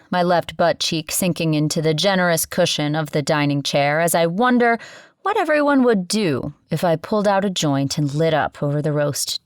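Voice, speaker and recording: A woman's voice: on the low side, no echo. A woman narrating a first-person audiobook with sardonic, wry asides, recorded on a close studio mic.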